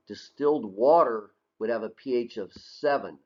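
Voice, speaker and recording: A man's voice: mid-range voice, moderate pace, darkish tone. A male teacher giving a recorded lecture over slides, talking in a conversational way, asking questions and answering them himself, often tagging "right?". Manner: conversational, asks and answers his own questions, frequent "right?". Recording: dull lo-fi audio.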